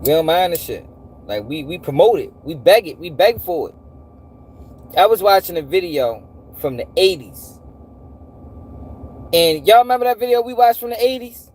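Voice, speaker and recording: A man hosting a live stream, animated and profane, repeating himself and firing off rhetorical questions. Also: high-pitched, normal speed, pauses often, slight background noise. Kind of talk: casual commentary to a live audience.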